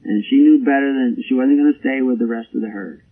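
A man's voice: mid-range voice, fairly quick, husky. A middle-aged man preaching a folksy sermon, telling a farm story with frequent chuckles. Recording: tinny phone-like radio broadcast.

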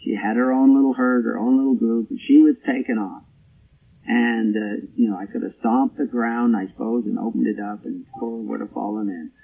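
A man's voice: medium pitch, steady tone, a little fast, vocal fry, breathy edge. A middle-aged man preaching a folksy sermon, telling a farm story with frequent chuckles. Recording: tinny phone-like radio broadcast.

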